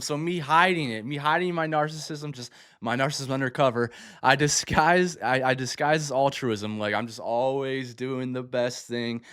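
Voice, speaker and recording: Excitable man reacting to music. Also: mid-range voice, normal speed, hardly any pauses, smooth, no room sound, clean studio sound. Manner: enthusiastic, exclaiming and laughing often. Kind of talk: casual reaction commentary.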